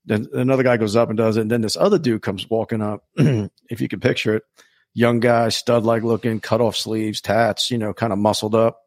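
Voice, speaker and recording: A man hosting a podcast, telling a story in a casual, animated way, swearing freely and acting out the people he quotes. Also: lowish voice, a little fast, no echo. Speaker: podcast host.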